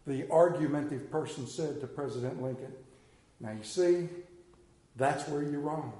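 A man preaching a sermon, telling folksy stories and swinging between loud emphasis and quiet asides. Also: on the high side, moderate pace, echoey room. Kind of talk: sermon with anecdotes.

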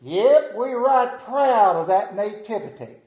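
A slow, proud Southern drawl from a small-town cashier, as a preacher puts him on in a sermon story. The voice sits a little high and mellow, and it echoes through a roomy church. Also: male voice, animated.

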